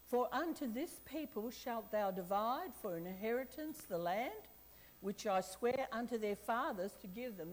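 Woman preacher, slightly high voice, lively, quizzes the congregation. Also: poor audio. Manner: lively, questions the audience, laughs often. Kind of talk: sermon.

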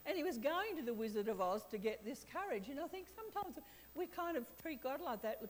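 Woman preacher, slightly high voice, lively, quizzes the congregation. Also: fairly quick, low-quality recording. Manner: lively, questions the audience, laughs often. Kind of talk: sermon.

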